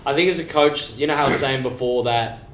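A man, a bodybuilding coach, chatting casually as a podcast guest, animated and acting out quotes with casual swearing. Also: mid-range voice, fast, slight background noise. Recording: roomy room sound.

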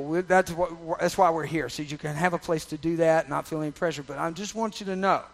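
A man preaching a sermon, swinging from loud, emphatic passages to soft, confiding ones and checking in with the congregation. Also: sits high. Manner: conversational, checks in with the audience. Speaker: pastor.

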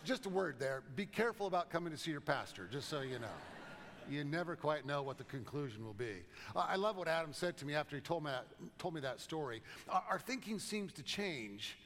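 A man preaching a sermon as pastor, in a conversational way with gentle humor, in a church sanctuary. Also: fairly high pitch. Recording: long reverb of a large church.

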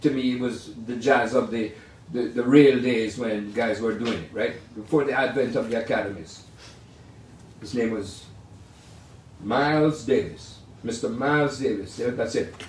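A man's voice: mid-range voice, moderate pace, slight background noise. Older man rambling through jazz stories. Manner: rambling, animated anecdotes. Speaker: jazz pianist telling stories. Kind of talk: casual storytelling. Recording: roomy sound from far off.

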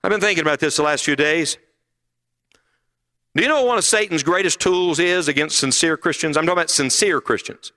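A man's voice: a little high, fairly quick, sharp tone. A middle-aged man preaching a sermon at a conference, emphatic and full of rhetorical questions.

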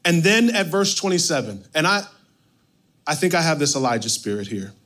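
A male pastor with a voice on the high side preaches at a brisk pace. He reads scripture and then retells it with animated, playful asides.

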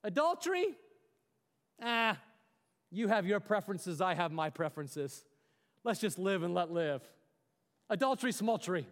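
A limp, dismissive pushover who shrugs off every wrong with a high, airy voice, as a preacher puts him on. The sound rings with a long reverb from a big hall. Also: male voice, very animated, measured pace, pauses often, fairly bright tone, full character voice. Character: spineless permissive man who shrugs everything off.

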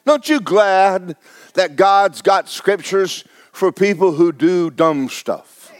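A man's voice: sits high, lively intonation, slow pace, no room sound, some chatter behind. A man preaching a sermon, folksy and fiery, repeating phrases for emphasis. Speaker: pastor.

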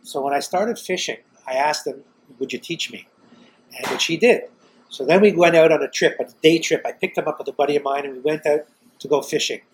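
A man hosting a casual chat, telling anecdotes in an animated way. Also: fairly high pitch, fairly quick, slight background noise, rough recording. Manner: storytelling, animated, puts on voices in anecdotes. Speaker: host.

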